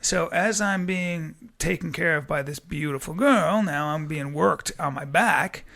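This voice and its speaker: A man telling a comic story with great excitement. He acts out the voices of the people in it and often stammers. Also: fairly high pitch, a little slow, vocal fry. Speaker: comedian guest.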